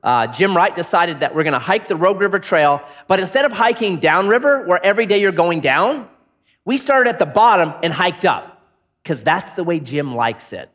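Lively, animated male preacher. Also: high-pitched, normal speed. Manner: animated storyteller, acts out voices in anecdotes. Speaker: pastor. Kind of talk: sermon with storytelling.

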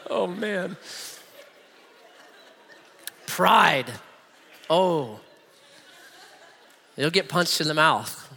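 A middle-aged man preaches with animated, humorous storytelling. His voice sits high and swings widely in pitch. A long hall reverb trails his words. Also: very slow, creaky, a faint crowd, slight background noise. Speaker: pastor. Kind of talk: sermon with personal storytelling.

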